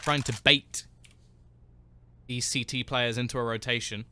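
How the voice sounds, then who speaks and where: A man calling a live esports match play by play, quick and building excitement as the action lands. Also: mid-range voice, slight background noise. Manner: rapid, rising excitement on kills. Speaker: esports caster. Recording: game gunfire audible behind. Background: in-game gunshots.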